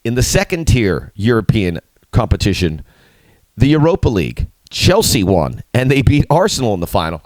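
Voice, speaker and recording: A middle-aged man with a fairly low voice hosts a soccer preview, his pitch swinging widely as he bounces through the topics. He is playful and animated, and his punchy lines leap upward. The sound is dry and close. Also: moderate pace, dry recording. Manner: animated, playful, with sudden emphatic jumps. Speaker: soccer show host. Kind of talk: solo video commentary.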